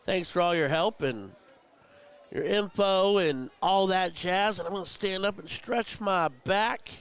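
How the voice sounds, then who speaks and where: A man's voice: high-pitched, unhurried, a bit bright, clear, resonant tone. A man hosting a live darts tournament stream, chatting and commentating in a heartfelt, emotional way.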